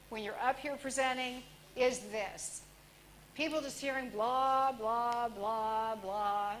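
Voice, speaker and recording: A woman teaches broadcast skills to a roomful of trainees, her high voice unhurried and instructive. Faint room noise sits behind her. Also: rough recording. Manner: instructive, direct, uses fillers. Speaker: media trainer. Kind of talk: presentation to a class.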